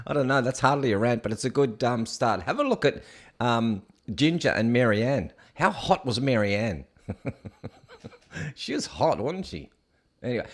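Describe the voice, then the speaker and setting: A man hosting his own show, reading out news headlines and mocking them in a sarcastic, scoffing rant. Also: mid-range voice. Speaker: show host. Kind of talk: casual news commentary rant.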